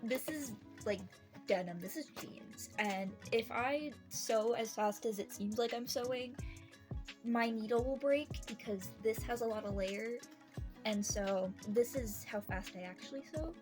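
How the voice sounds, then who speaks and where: A woman with a sick, hoarse voice, chatting casually through a sewing vlog and laughing at herself. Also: fairly high pitch, a little slow, music in the background. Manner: chatty, self-deprecating, soft laughs. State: out of breath. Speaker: sewing vlogger. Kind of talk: casual crafting vlog chat.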